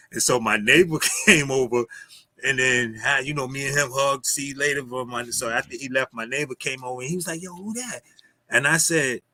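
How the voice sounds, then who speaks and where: Bright-voiced man telling street stories. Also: mid-range voice, no room sound. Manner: storytelling, loose street slang, lots of "yo". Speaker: guest. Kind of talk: casual livestream talk. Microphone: streaming call mic.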